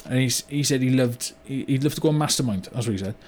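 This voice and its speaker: An actor playing a remorseful older British business owner in a comedy monologue, with a rambling delivery full of "you know" and "right?". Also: male voice, mid-range voice, quick pace, darkish tone, slight background noise, natural voice. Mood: rueful. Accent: British English. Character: remorseful older male car yard owner, blunt. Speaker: business owner telling a story. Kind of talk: mock-documentary comedy monologue.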